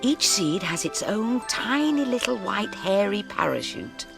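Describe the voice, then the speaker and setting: A woman presenting a children's programme, telling a story to young children in a gentle, sing-song way. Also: mid-range voice, very animated, a little slow, gravelly, music in the background.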